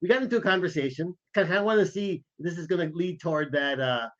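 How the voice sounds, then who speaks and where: A man's voice: a little high, fast talker. Man telling travel stories on a dull lo-fi recording. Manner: animated anecdotal storytelling. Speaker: podcast co-host, former intelligence officer. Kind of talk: casual chat.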